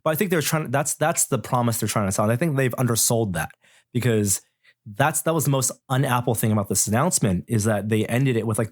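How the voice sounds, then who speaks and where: A man's voice: medium pitch, fast talker, dry recording, studio quality. A middle-aged man, a tech journalist guesting on a podcast, talking thoughtfully and rambling with many restarts. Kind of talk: casual podcast chat.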